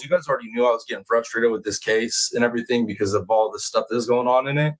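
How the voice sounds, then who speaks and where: This true crime livestream host talks fast with hardly any pauses, his mid-range voice captured on poor-quality audio. He goes on a blunt, casual rant full of swearing and "y'all" before reading out the names of viewers in chat.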